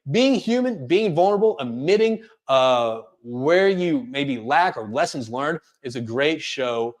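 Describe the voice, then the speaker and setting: A man presenting a career coaching webinar, talking quickly and energetically with frequent restarts. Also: fairly high pitch. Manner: fast, energetic delivery with many restarts. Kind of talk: webinar talk.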